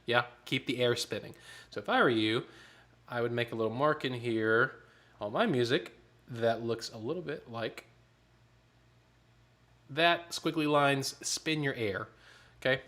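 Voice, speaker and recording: A man's voice: medium pitch, measured pace, pauses often, fairly bright tone. Man leading choir rehearsal. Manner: instructive, counts and sings parts aloud. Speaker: choir director. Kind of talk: online choir rehearsal instruction.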